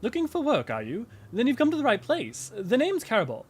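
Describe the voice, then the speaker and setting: A man's voice: very high-pitched, wildly swooping pitch, fairly quick, voice pushed up, heavily acted. A man voicing an eager, helpful male camp worker in a game who chats cheerfully while handing out a task. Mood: friendly.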